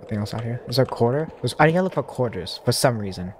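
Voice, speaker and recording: Against a noisy background, a man with a medium, expressive voice speaks quickly while playing a horror demo disc. His casual commentary is self-directed and rambling, packed with fillers and restarts.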